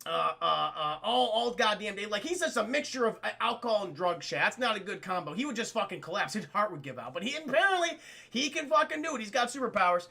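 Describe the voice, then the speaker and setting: A man recapping a film scene by scene for his stream chat, animated and profane. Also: high voice, fast, creaky.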